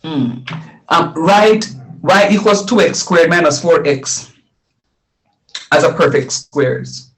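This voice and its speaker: A man's voice: fairly high pitch, expressive, takes it slowly, poor audio. A middle-aged man teaching a live math lesson, repeating phrases and quizzing his students as he explains.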